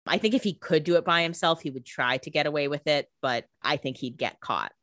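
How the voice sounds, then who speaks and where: A woman co-hosting a casual podcast chat, animated and playful, laughing often. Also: sits low, brisk, no echo, clean studio sound. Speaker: podcast co-host.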